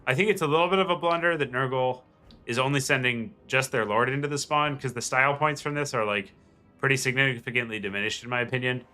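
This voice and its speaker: Commentating a strategy game casually, this man rambles with plenty of fillers and restarts in a nasal voice. His medium-pitched delivery is quick, bright and pushed.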